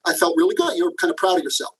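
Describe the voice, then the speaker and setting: A man's voice: high voice, expressive, racing, fairly bright tone, slight background noise, rough recording. A man being interviewed as a guest, telling a career story and often addressing the host by name. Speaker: guest, management professor.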